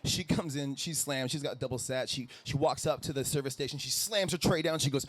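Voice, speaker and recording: A man's voice: high-pitched, fairly quick, very noisy. A man in his thirties from the Minneapolis area, performing a live stand-up set and acting out the people in his stories. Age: 30s. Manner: animated storytelling, acts out coworkers and customers. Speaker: stand-up comedian. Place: outdoor live comedy show with audience laughing.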